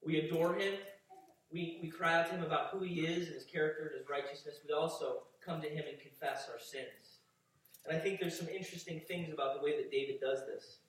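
A man's voice: a little high, steady tone, a little fast, a bit bright. A man preaching a sermon, reading scripture and then building to fervent emphasis with repeated phrases. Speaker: pastor. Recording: echoey hall, distant mic.

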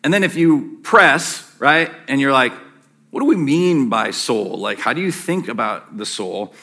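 A man's voice: medium pitch, expressive, a little slow, sharp tone. A middle-aged man preaching a casual, self-deprecating sermon to his church, with plenty of fillers and asides. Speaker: pastor. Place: church sanctuary.

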